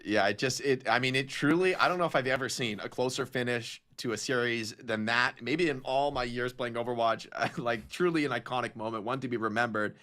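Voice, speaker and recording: A man analyzing esports plays on a broadcast desk, talking through replays with excitement. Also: medium pitch, fairly quick, hardly any pauses.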